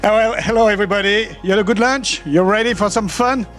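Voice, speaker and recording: A man's voice: high-pitched, fast, fairly bright tone, soft background music. A man from France with a French accent, giving a chatty, playful, self-mocking conference talk in a large auditorium. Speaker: conference speaker.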